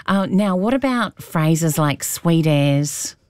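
A woman radio host who asks brisk questions and reads out listener texts. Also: low-pitched, animated, darkish tone, smooth, no echo.

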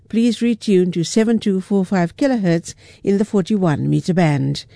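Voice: medium pitch, normal speed, vocal fry, hardly any pauses, mellow. A radio announcer giving a formal station announcement.

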